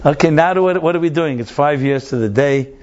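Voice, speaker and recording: A man's voice: on the high side, a little fast. A man, a rabbi, telling a story in a conversational, digressive lecture. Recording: dull lo-fi lecture recording.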